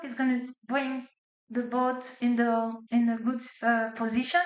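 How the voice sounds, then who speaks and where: Recorded with dull audio in an echoey hall, a woman lectures on physics at a measured pace, her voice on the high side and level in tone. She speaks English with a non-native accent and goes step by step, frequently asking "okay?" and "right?"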